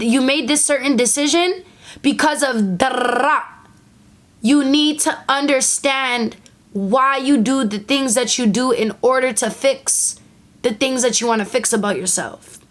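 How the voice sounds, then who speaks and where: A woman's voice: a little high, moderate pace. A young woman talking candidly to her phone camera, giving emphatic, repetitive self-help advice and acting out quoted voices. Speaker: content creator.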